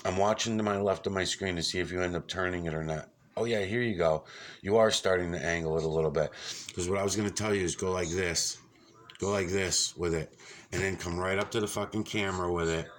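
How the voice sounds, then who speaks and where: Rambling, profane man with a very deep voice. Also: a little fast. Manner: rambling, profane and excitable, frequent fillers. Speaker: YouTube vlogger. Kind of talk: casual off-the-cuff vlog talk.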